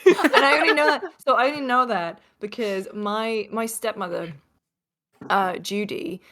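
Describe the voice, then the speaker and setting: A woman's voice: mid-range voice, measured pace, a bit bright. Chatty British woman telling a story. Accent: softened British English. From northeast England. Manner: chatty, rambling storyteller with fillers. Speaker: podcast guest. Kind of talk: casual chat.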